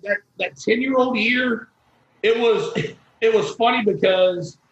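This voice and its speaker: A man's voice: high voice, fairly bright tone, reverberant, dull audio, slight background noise. A man from Florida telling a long personal story as an interview guest, folksy and earnest. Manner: folksy and earnest, with quoted dialogue.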